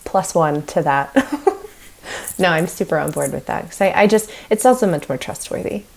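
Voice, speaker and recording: A woman guesting on a podcast, chatting in a loose, animated way with frequent laughter. Her voice sits on the low side and has a gravelly, fry-edged texture. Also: moderate pace. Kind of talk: casual podcast conversation.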